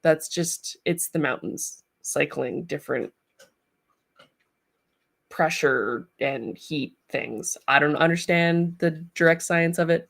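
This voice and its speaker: A woman's voice: low voice, creaky, a bit bright. A woman streaming live from home, chatting casually and rambling with lots of ums. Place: home, with a large dog nearby.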